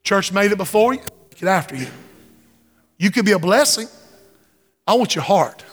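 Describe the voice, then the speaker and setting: Impassioned high-voiced preacher in a church. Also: male voice, animated, moderate pace, fairly bright tone, breathy edge. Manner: impassioned preaching, swings between low intensity and high cries. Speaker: pastor. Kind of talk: sermon. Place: large church sanctuary. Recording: church hall with long reverb.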